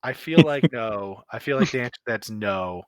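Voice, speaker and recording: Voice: mid-range voice, lively intonation, moderate pace, dry recording. A player in a tabletop game who talks in a teasing, playful way. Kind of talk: casual tabletop play.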